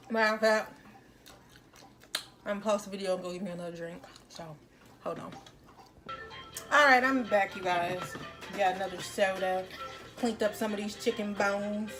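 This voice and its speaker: A woman's voice: mid-range voice, moderate pace, long pauses, music in the background. A woman and mother eating on camera at home, chatting casually to her viewers between bites. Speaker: mother and mukbang vlogger. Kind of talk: casual eating vlog chat. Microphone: phone on a tripod.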